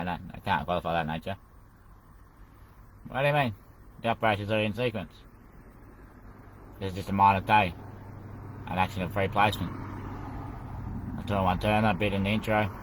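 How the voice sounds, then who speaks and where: A man's voice: fairly low pitch, poor audio. A man hosting his own show, talking in a loose, rambling solo monologue. He repeats phrases over and over and keeps calling the listener "mate". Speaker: podcast host.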